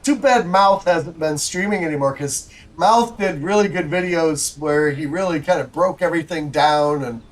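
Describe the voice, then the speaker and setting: A man's voice: fairly high pitch, normal speed, hardly any pauses, poor audio. A man hosting a livestream, giving rambling, chatty commentary to viewers while he plays a golf game. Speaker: livestream host. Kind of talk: casual gameplay commentary.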